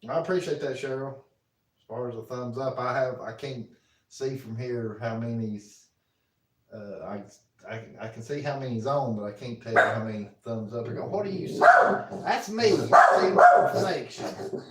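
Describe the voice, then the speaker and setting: A man's voice: mid-range voice, steady tone, normal speed. A man, casually chatting on a live stream from his home kitchen, reading out viewer comments in a folksy way. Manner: folksy, reads viewer comments aloud, talks to his dog. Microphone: phone. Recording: roomy, from a distance.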